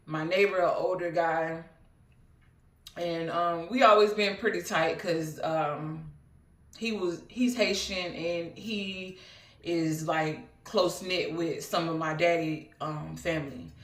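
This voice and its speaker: A woman's voice: on the low side, steady tone, slow. Roomy, distant-miked woman telling her story. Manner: rambling, earnest, many fillers and asides. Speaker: vlogger. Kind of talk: casual personal storytelling.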